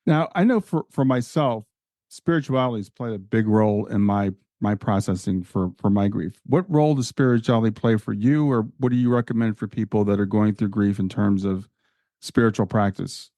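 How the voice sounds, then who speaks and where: A man's voice: lowish voice, normal speed, dark tone, no echo. A man hosting a podcast interview, speaking earnestly and often restarting his sentences. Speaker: podcast host.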